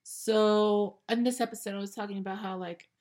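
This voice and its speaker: A woman's voice: mid-range voice, fairly even intonation, moderate pace, darkish tone. A woman in her twenties who hosts a podcast and rants bluntly with lots of swearing. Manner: blunt, profane, sassy. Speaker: podcast host reacting to clips. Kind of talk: casual ranting commentary.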